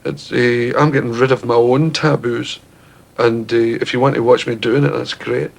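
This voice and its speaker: A Scottish man with a Glaswegian accent, a comedian telling stories on stage and talking about his material in an animated way. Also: normal speed, vocal fry. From Scotland. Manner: animated, jumps into shrieking high voices for characters. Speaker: stand-up comedian. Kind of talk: stand-up storytelling. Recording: faint hiss, 1970s TV recording.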